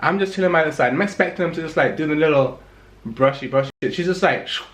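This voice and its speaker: A young man from England, telling a story in a casual vlog in an animated, emphatic way, repeating lines for effect. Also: a little high, fast talker.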